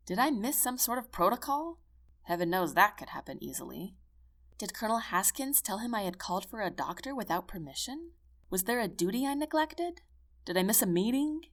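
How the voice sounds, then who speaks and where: Expressive woman reading a first-person story. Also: medium pitch. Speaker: audiobook narrator. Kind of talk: first-person audiobook narration.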